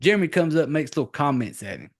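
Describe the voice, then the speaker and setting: A man's voice: a little high, very animated, quick pace. Profane, rambling man recapping a movie. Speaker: podcast host.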